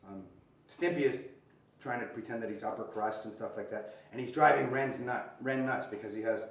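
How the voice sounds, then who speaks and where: A man's voice: medium pitch, fairly quick, heavy reverb. A man hosting, giving an upbeat informal introduction and speaking straight to fans, recorded from a distant mic. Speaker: host. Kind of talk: casual introduction to camera.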